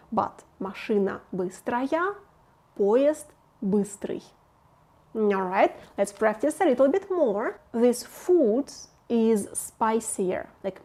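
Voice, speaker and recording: A woman gives an online language lesson, patient and clear. Her voice sits a little high, and she speaks slowly and deliberately, repeating each word for practice. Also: mellow. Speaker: Russian language teacher.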